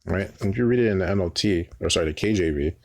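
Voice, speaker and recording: A man with a fairly low voice reads scripture aloud and explains it in loose, conversational teaching. He keeps tagging his points with "right?" and often stumbles and restarts mid-phrase. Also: rapid-fire, creaky, a little mellow. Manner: repeats "right?" as a tag, frequent restarts. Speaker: Bible teacher.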